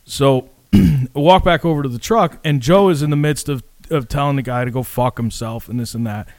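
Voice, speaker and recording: A man's voice: medium pitch, moderate pace, dry recording. A man telling a rambling, profane story in casual chat with friends, acting out the people in it. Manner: profane, rambling, animated retelling.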